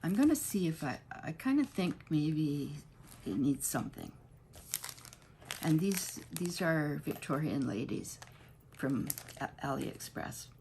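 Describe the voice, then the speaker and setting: A woman's voice: low voice, very animated, takes it slowly, creaky, noisy background. A woman hosting a casual crafting tutorial at home, chatty and rambling, often restarting mid-sentence.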